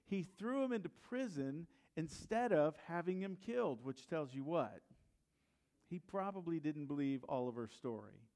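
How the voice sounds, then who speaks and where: A man's voice: a little high, animated, moderate pace, a little mellow. A male pastor preaching a sermon, retelling a story and asking the congregation questions.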